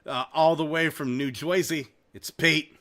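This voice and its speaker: Guy hosting a podcast, rambly and excitable, pretty high bright voice, curses a lot. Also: unhurried. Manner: excitable rambling storyteller, swears freely. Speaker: podcast host. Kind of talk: casual comedic podcast banter.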